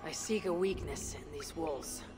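Low-voiced viking warrior woman, calm n blunt, game scene with music under it. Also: a little slow. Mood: firm. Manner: steady, blunt, commanding. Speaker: game protagonist. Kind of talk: video game dialogue.

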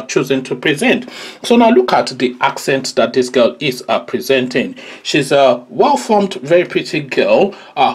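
A man's voice: medium pitch, breathy edge. A man giving an emphatic, opinionated commentary monologue, often repeating "of course" and "by the way". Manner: emphatic, repeats 'of course' and 'by the way'. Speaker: political commentator.

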